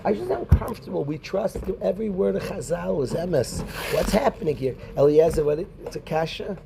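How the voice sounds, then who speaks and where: A rabbi teaching a Talmud class in a conversational way, quoting Hebrew and Aramaic and calling on students by name. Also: male voice, high voice, expressive, normal speed, gravelly, background noise.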